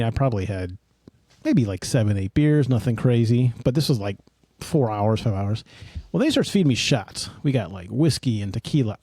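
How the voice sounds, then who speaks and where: Mellow, husky-voiced man telling stories. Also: mid-range voice, dry recording, studio quality. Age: middle-aged. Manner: rambling, self-mocking storyteller. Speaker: podcast host. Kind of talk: casual storytelling chat.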